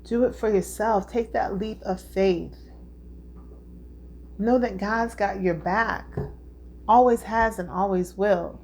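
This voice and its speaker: A woman doing a spiritual tarot reading takes it slowly and pauses often, her medium-pitched voice carrying a darkish tone over a little hiss or hum. She sounds earnest, emotional and heartfelt, repeating herself and regularly checking in with listeners.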